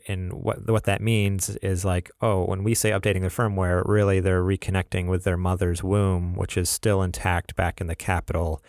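A man's voice: low-pitched, level tone, normal speed, few pauses, a little mellow, dry recording, studio quality. A man co-hosting a casual gaming podcast, talking in a laid-back, rambling way with plenty of filler words. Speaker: podcast co-host.

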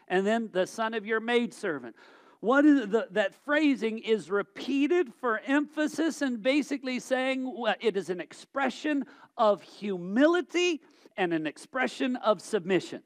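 A male preacher with a high-pitched voice delivers a sermon. He swings from loud, emphatic exhortation to quiet, reflective passages. He often stumbles and repeats words as he thinks aloud. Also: lively intonation, unhurried, long pauses.

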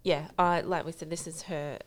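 A woman's voice: low-pitched, steady tone, moderate pace. A woman co-hosting a podcast, chatting casually about books she has read and laughing often. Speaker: podcast co-host. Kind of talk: casual book chat.

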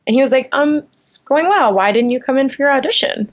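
A young woman telling a story in a casual interview at home, animated, acting out her own reactions. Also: high-pitched, fairly quick, muffled recording. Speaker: guest. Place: at home, on the floor. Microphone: video call.

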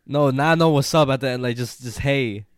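A man's voice: medium pitch, moderate pace, clear, resonant tone, dry recording, clean studio sound. A young man co-hosting a podcast in casual chat, laid-back, laughing and swearing often. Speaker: podcast co-host.

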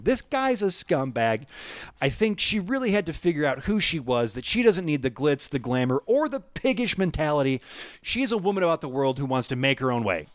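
Animated man joking on a podcast. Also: sits high, no room sound, clean studio sound. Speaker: podcast co-host. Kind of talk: comedic podcast banter.

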